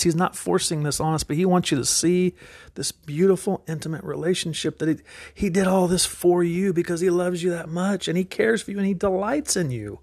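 A man's voice: sits high, no room sound, clean studio sound. Earnest man giving a devotional talk. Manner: earnest, repeats words when moved. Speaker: podcast host and recovery coach.

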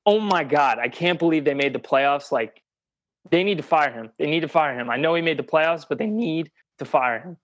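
A man co-hosting a sports podcast talks in a fairly bright, expressive voice on the high side, at normal speed, on a dry recording. In casual chat he's blunt and emphatic, swearing freely.

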